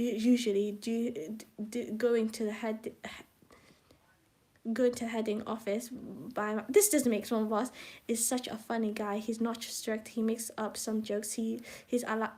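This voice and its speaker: A woman's voice: fairly high pitch, a little mellow. A young woman live-streaming, reading from her own book in a rambling, self-conscious way, breaking off with asides to her viewers. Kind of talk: live casual reading and chat.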